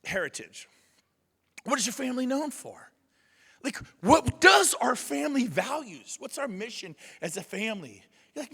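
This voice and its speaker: A man giving a motivational speech at a conference, emphatic and swinging from loud shouts to quiet asides. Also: extremely high pitch, big pitch swings, moderate pace, gravelly, breathy edge, in a large hall. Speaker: conference speaker. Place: large conference room.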